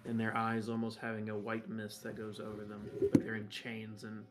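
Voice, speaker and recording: A man running a tabletop game as game master, narrating the scene in a relaxed, conversational way. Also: lowish voice, normal speed, a little hiss or hum.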